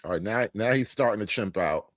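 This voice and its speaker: A man's voice: lowish voice, lively intonation, brisk. A man from the United States hosting a casual reaction commentary, joking around with profanity and slang. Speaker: commentary host.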